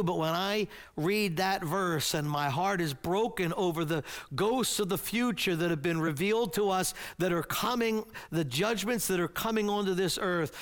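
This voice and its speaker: A man preaching a sermon as pastor, earnest and emphatic, with halting restarts. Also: sits high, a bit bright.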